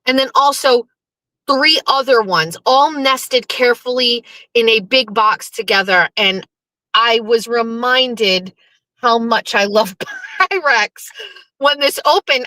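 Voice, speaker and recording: A woman's voice: on the high side, measured pace, pushed and bright, no room sound. A middle-aged woman hosting a live show, chatting casually to her viewers, swearing and talking back to the chat. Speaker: livestream show host.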